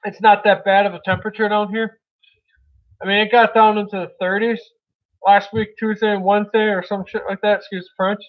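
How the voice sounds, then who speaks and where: A man's voice: sits high, flat delivery, a little fast. A man from Milwaukee, Wisconsin, hosting a casual livestream chat, rambling loosely and calling viewers brother. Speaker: livestream host chatting with viewers. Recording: tinny phone-like audio.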